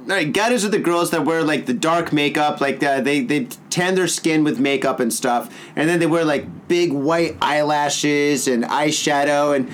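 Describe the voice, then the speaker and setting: A man's voice: on the high side, normal speed, hardly any pauses, a little hiss or hum. A man co-hosting a casual podcast, joking, teasing and laughing often. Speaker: podcast co-host. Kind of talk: casual chat.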